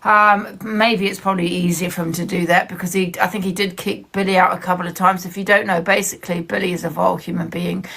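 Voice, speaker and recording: A woman's voice: fairly low pitch, little pitch movement, fast talker, gravelly, few pauses, a bit bright. A woman giving blunt, emphatic commentary on a live stream, talking straight to her viewers. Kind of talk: casual ranting commentary.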